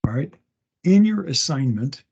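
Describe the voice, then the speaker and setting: A man teaches a class over an online meeting from his home, taking his time and repeating words as he sounds them out. His voice is low in brightness and has a husky, gravelly texture. The meeting audio sounds dull and lo-fi. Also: very animated. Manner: slow, halting, with many restarts and fillers. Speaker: instructor. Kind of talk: recorded class lecture. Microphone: online meeting recording.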